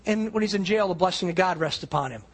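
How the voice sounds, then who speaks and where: A man's voice: sits high, quick pace, slightly rough, low-quality recording. A man preaching a sermon, retelling a story casually with quoted voices and many restarts. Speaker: pastor.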